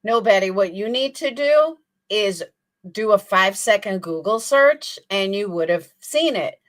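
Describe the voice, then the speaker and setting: A woman's voice: medium pitch, expressive, unhurried. A woman hosting a commentary channel, reading legal text aloud and mocking the people she reacts to with sarcasm.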